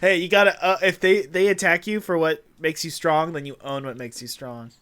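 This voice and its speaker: Bright, giggly high-voiced man. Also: fairly even intonation, smooth. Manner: giggly, quick with riffs. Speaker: podcast co-host. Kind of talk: comedic movie recap chat.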